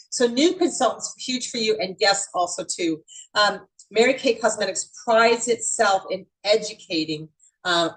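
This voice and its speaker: A woman's voice: fairly low pitch, low-quality recording. A woman in her mid sixties hosting an online beauty event, chatty and upbeat, talking straight to her audience. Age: 60s. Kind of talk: casual online presentation.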